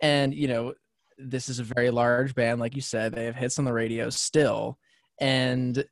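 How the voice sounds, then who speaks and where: A man co-hosting a casual chat, explaining things in a measured way with some restarts. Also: medium pitch, flat delivery, dry recording. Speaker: podcast co-host, band member.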